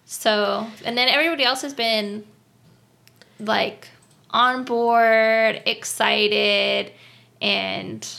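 A woman's voice: fairly high pitch, fairly even intonation, drawn-out words, creaky, pushed and bright. A young woman chatting casually and candidly, telling emotional stories with lots of fillers. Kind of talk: casual chat.

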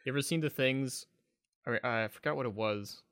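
A man's voice: medium pitch, normal speed, fairly bright tone, no room sound. Dry-joking young man, close mic. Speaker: podcast co-host. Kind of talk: casual chat.

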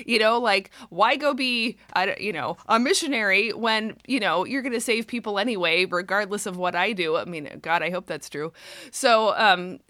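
A woman's voice: mid-range voice, normal speed, pushed and bright, no echo, clean studio sound. A young woman in casual conversation, animatedly retelling a story, laughing often and acting out the quotes. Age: young adult. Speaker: co-host. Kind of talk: casual chat about scripture.

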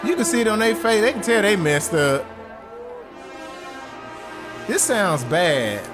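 Young man, reaction host, lively swooping voice, slow drawn-out talk, marching band music behind. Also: high-pitched. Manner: animated, laughing, dramatic exclamations. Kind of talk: casual reaction commentary. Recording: music playing loudly behind.

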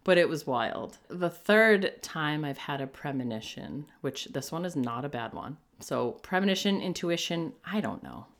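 A middle-aged woman hosting a podcast, telling a personal story in a casual, animated way, jumping into quoted voices and laughing often. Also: low-pitched, moderate pace, hardly any pauses. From New England. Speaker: podcast host.

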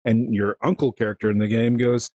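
Animated, rambling man hosting a podcast. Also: mid-range voice, a little fast, no room sound, muffled recording. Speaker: podcast host. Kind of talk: casual gaming chat.

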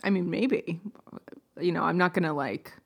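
A woman's voice: fairly low pitch, moderate pace, gravelly. Easygoing woman podcast co-host. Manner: easygoing, lots of filler "like". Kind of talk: casual chat.

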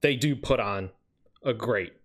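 A man's voice: fairly low pitch, a little slow. A man chatting casually on a podcast, rambling with lots of fillers and casual swearing. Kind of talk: casual chat.

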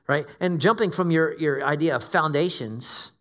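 A man's voice: fairly high pitch, normal speed, a bit bright. A middle-aged man preaching a sermon as a guest pastor, conversational and joking at his own expense. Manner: joking, self-deprecating, conversational.

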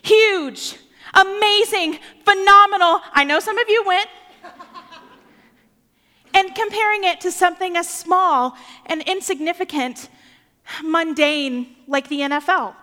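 A woman's voice: very high voice, a little slow, pauses often, pushed and bright, in a large hall. A young woman preaching a sermon, playful and joking as she talks.

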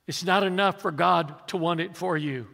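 A man's voice: high-pitched, normal speed, gravelly, bright, forceful tone. A man in his sixties, a pastor preaching an emphatic sermon and rallying his congregation with questions. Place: large church sanctuary. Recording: long reverb of a large hall.

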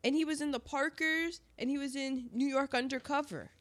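A high, bright-voiced woman, as a podcast co-host, talks through a film in an animated way. She laughs easily and slips into quick character bits as she retells scenes. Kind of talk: casual movie chat.

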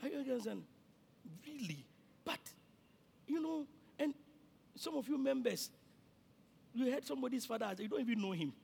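A male pastor with a Ghanaian accent, preaching a sermon that swings between shouting and quiet, and he repeats himself often. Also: very high-pitched, fairly quick, gravelly, pauses often, slightly rough.

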